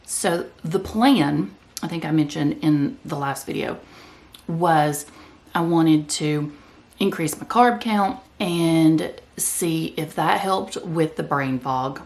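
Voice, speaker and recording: A woman's voice: low voice, vocal fry, darkish tone. A woman vlogger talking casually to the camera in a chatty, rambling way, sometimes speaking with her mouth full. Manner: chatty, rambling, talks while eating.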